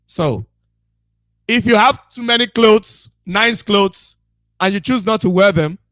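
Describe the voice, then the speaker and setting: A man's voice: sits high, slow, fairly bright tone, no echo, studio quality. A man, giving a repetitive, emphatic and scolding preaching monologue as a radio broadcaster.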